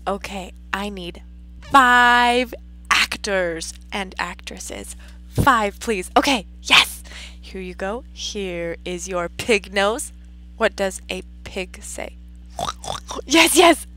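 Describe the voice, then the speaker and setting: A woman teacher reading a story aloud to a class, animated and expressive, stopping to ask questions. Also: medium pitch, slow pace, slight background noise, low-quality recording.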